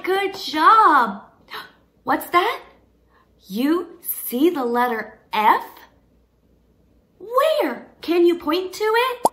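A young woman teaching toddlers in a learning video, talking slowly and encouragingly in a sing-song way with delighted gasps. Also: extremely high pitch, sharp tone. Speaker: children's teacher.

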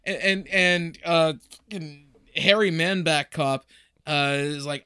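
A man co-hosting a podcast, talking casually and laughing often. His voice is bright and sits a little high, and the recording is dry and close. He drops jokes and restarts his sentences as he goes. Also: fairly even intonation, takes it slowly, clear, resonant tone, no room sound. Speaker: podcast co-host. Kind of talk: casual chat.

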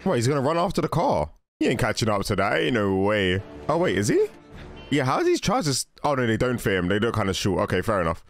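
A young man chats through a film, his fairly low voice swinging wildly between mutters and shouts. He laughs easily and exclaims at every twist, and faint film music plays behind him. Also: quick pace, few pauses. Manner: excitable, laughs and exclaims often. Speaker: movie reaction host. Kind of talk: casual movie reaction commentary.

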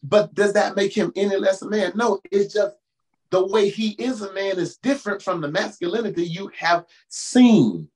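Animated male pastor, fairly high voice. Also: normal speed. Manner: animated preacher, repeats key phrases, wide swings from low asides to loud exclamations; casual, conversational phrasing with stammered restarts. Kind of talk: preaching-style talk to singles.

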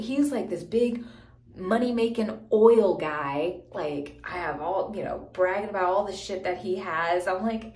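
A young woman from New Jersey telling a story to camera in a casual, profane vlog style, full of quick asides. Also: medium pitch, a little mellow. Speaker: lifestyle vlogger. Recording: roomy echo.

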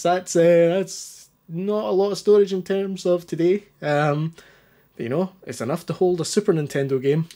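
A man's voice: a little high, measured pace, darkish tone. A man rambling through a hands-on gadget demo with a lot of ums and restarts, a bit anxious and stuttering. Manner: rambling, self-deprecating, many ums and restarts. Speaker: retro gaming youtuber.

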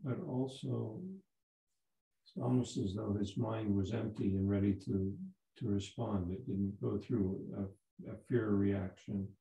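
Gravelly, dark-voiced older man teaching. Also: lowish voice, fairly even intonation. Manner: halting, repeats words and restarts. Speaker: Zen teacher. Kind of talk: dharma talk, storytelling. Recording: roomy echo.

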